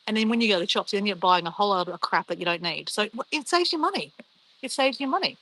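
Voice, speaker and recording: A woman's voice: mid-range voice, animated, fast, sharp tone, low-quality recording. An Australian woman chatting casually and bubbly on a travel live stream, reacting to her viewers.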